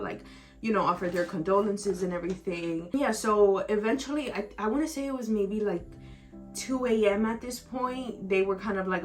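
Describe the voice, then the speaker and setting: A woman's voice: medium pitch, moderate pace, faint music behind. A young woman vlogger telling a personal story in a rambling, emotional way, full of "like", tearful at times. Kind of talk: storytime vlog.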